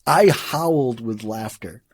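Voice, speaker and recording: A man hosting a podcast in casual chat, retelling scenes with lively enthusiasm. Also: medium pitch, slow pace, dry recording, studio quality. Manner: animated storyteller who acts out quotes and laughs often. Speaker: podcast host.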